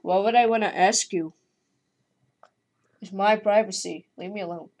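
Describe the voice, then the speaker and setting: A woman's voice: mid-range voice, normal speed, a little mellow, natural voice. A woman voicing a touchy male French-Canadian fighter who answers curtly and defensively. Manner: curt, defensive.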